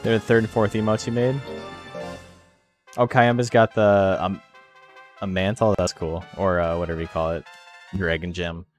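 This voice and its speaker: A man's voice: deep voice, little pitch movement, moderate pace, pauses often, faint music behind. A man giving loose, joking live-stream commentary on a game, rambling with lots of "like" and swearing freely. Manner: rambling, heavy use of "like". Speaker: tournament commentator.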